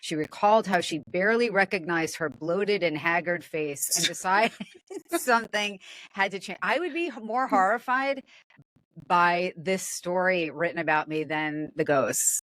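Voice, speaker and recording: A woman's voice: on the low side, unhurried, a bit bright, no room sound. A woman hosting a casual podcast, reading odd news stories aloud and laughing at them. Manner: amused, laughs often, comments while reading. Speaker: podcast host.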